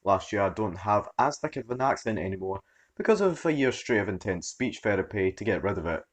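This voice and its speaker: A man reading a story aloud as its narrator, in an expressive storytelling manner. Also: lowish voice, a little fast. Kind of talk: scripted narration.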